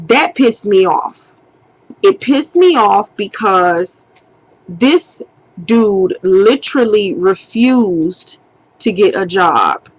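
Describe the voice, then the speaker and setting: A woman's voice: mid-range voice, drawn-out words, slightly rough, highs cut off. A young woman telling a story casually, swearing freely and acting out what people said. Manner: animated, acts out quotes, swears freely. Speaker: vlogger.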